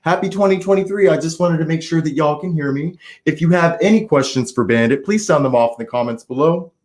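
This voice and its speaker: Loud, casual man hosting a livestream. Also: fairly high pitch, brisk. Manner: loud, animated, swings from mumbling to shouting. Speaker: tarot reader hosting a livestream. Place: indoors at a New Year's party. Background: faint party music.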